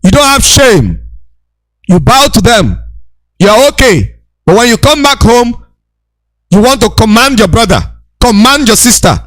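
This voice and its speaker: A man giving a preachy, impassioned lecture, repeating his points and shouting rebukes. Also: very high-pitched, lively intonation, moderate pace, long pauses, no room sound.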